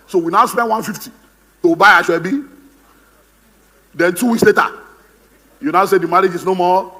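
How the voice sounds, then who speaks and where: A man's voice: sits high, normal speed, pauses often, bright, forceful tone, long reverb tail. A man with a Nigerian English accent, giving a humorous, theatrical seminar talk as a motivational speaker, acting out the voices he quotes. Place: conference hall on stage.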